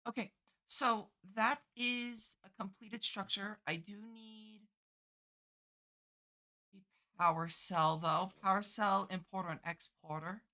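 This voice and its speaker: A woman's voice: mid-range voice, fairly even intonation, takes it slowly, pushed and bright. A woman streaming a game, muttering to herself as she plans her build and swearing casually while she chats. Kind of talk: casual gameplay commentary.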